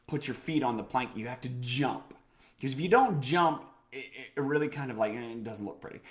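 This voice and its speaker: A man co-hosting a casual chat show, telling a personal story in a lively, motivational way, with many fillers, restarts and repeated phrases. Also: mid-range voice. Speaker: podcast co-host.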